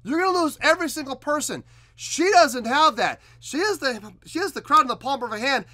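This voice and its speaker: A man hosting a music reaction video, excitedly commenting and explaining what he hears. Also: very high voice, no room sound, clean studio sound. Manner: animated, exclaiming, explaining guitar technique.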